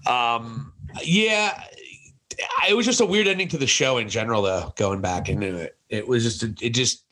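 A man co-hosting a wrestling podcast in casual chat, opinionated, with quick asides and frequent laughs. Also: medium pitch, sharp tone, rough recording.

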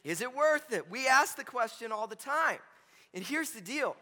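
Male pastor, high, sharp voice, chatty sermon delivery, reverberant sanctuary. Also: expressive, normal speed. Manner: conversational and joking, constantly checks in with "right?". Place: church sanctuary with a congregation. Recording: long reverb from a large hall.

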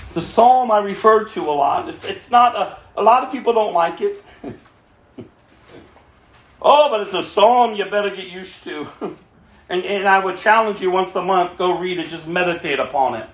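Pastor, male, high voice, passionate sermon delivery in a roomy hall. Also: normal speed. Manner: impassioned, swinging between cries and quiet pleading.

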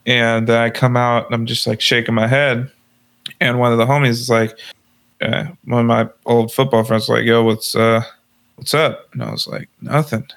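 A man's voice: mid-range voice, flat delivery, moderate pace, vocal fry, fairly bright tone. A young man telling a crude, rambling story in casual chat and laughing at it as he goes.

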